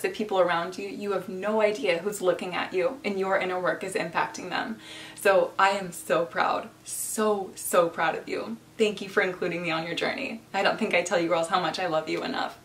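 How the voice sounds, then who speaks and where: A woman's voice: fairly low pitch, fairly even intonation, fairly quick, recorded from a distance. A young woman, a lifestyle coach, talking straight to her viewers in a heartfelt vlog, teary and encouraging as she thanks them. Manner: emotional, encouraging, speaks to viewers as sisters. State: teary, emotional. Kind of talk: heartfelt direct-to-camera vlog.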